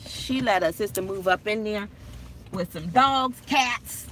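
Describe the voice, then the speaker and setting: A woman vlogging from inside her car, telling stories to her viewers in a chatty, animated way and laughing often. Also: mid-range voice, unhurried, slight background noise. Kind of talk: casual chat while driving.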